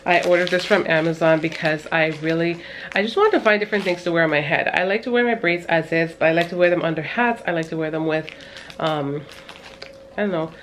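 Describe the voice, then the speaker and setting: A woman's voice: on the low side, fairly quick, a bit bright, a little hiss or hum. A woman in her thirties chatting casually to her vlog viewers, rambling with lots of fillers and little laughs. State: out of breath. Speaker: mom vlogger.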